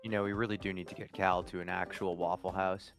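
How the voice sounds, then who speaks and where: A man's voice: deep voice, flat delivery, fast talker, fairly bright tone, soft background music. A young man gaming with friends, teasing them with dry wisecracks. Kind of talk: casual gaming chat.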